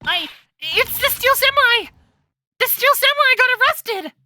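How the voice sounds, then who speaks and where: A woman voicing an excitable teenage girl who squeals eagerly and breathlessly. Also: very high voice, a little slow, noisy background, voice pushed up, heavily acted. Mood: frantic.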